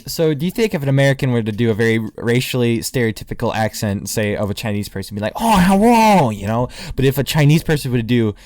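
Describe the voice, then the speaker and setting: A man's voice: medium pitch, fast talker, few pauses, a little mellow, dry recording. A young man chatting on a podcast, rambling through a story and breaking into laughter along the way. His voice sits in the middle range and sounds dry and close, with no room around it. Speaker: podcast co-host. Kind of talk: casual chat.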